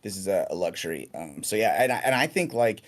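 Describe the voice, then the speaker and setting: A man casually answering fan questions in a relaxed, rambling way, with many fillers and restarts. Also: fairly low pitch, fast. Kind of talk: casual chat.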